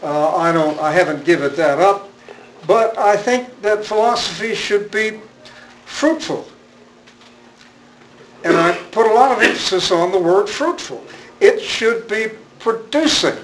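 An older man gives a philosophy talk in a lecture room, his voice sitting a little high for a man. He rambles wryly and pokes fun at himself, and faint room ambience hums behind him. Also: expressive, normal speed, fairly bright tone, slight background noise, rough recording. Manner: wry, rambling, self-deprecating. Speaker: guest speaker, philosophy professor. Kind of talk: public lecture.

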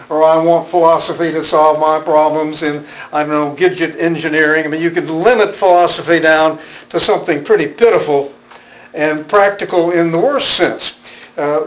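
A man's voice: a little high, poor audio. Wry older man lecturing. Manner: wry, rambling, self-deprecating. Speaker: guest speaker, philosophy professor. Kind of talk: public lecture. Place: lecture room with audience.

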